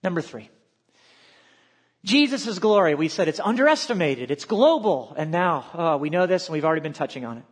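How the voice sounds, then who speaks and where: Male pastor, high voice, sermon delivery with quiet asides. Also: a little fast, breathy edge. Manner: expressive preaching, quotes scripture aloud, drops to quiet asides.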